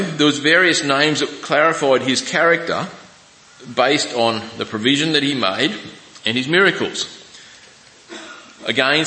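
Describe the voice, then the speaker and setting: A man preaching a sermon in a church, his voice bright and forceful. He reads scripture slowly and breaks off with restarts and asides. The sound rings out with the long, echoing reverb of a large hall. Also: medium pitch. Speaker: pastor.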